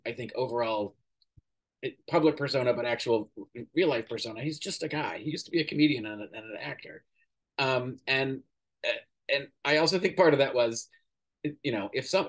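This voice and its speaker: A man giving casual, opinionated political commentary as a podcast host, pausing often with fillers and swearing now and then. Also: medium pitch. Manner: opinionated, hesitant with many ums, swears casually.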